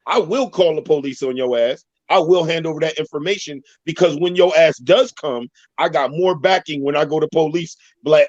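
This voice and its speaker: Male panelist, slightly high voice, emphatic and profane, muffled dry call audio. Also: a little fast, hardly any pauses, dry recording. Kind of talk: heated online panel debate.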